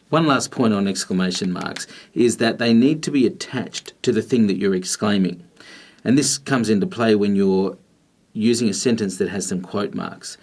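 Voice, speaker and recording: A man with a somewhat low voice teaches a grammar video lesson. He explains patiently and deliberately, pausing between phrases as he goes. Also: a little mellow. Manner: patient, measured explaining with pauses.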